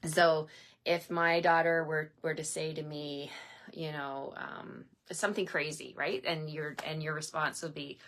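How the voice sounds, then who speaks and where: Upbeat middle-aged woman, slightly low voice, hosting a casual live craft stream from home. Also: fairly even intonation, a little slow, fairly bright tone. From Newfoundland, Canada. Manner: chatty and upbeat, greeting viewers by name, frequent laughs.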